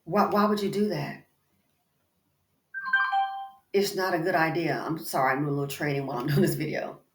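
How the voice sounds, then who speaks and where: A woman with a low-sitting voice hosts a commentary channel, chatting casually at a moderate pace while soft music plays behind her. She's animated and emphatic, calling the listener "girl" and "baby." She records indoors while exercising, in an echoey room.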